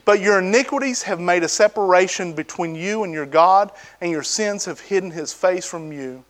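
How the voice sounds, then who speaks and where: A man delivers a sermon in a casual, conversational manner, his voice sitting fairly high for a man. He leans on rhetorical questions and swings between lifted, emphatic bursts and quiet, low asides. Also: moderate pace. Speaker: preacher.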